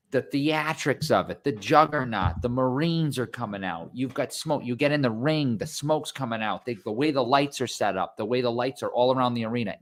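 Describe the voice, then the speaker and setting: A young man with a medium-pitched voice co-hosts a podcast, excitedly recapping a fight in casual conversation. He swears freely and acts out how the crowd reacted.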